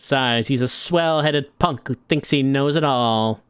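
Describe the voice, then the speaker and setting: A man's voice: medium pitch, a little slow, clean tone, dry recording, studio quality, close to an everyday voice. A man voicing a cocky young gangster boss, talking in clipped tough-guy slang. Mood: brash. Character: cocky young male mob boss, brash and smooth.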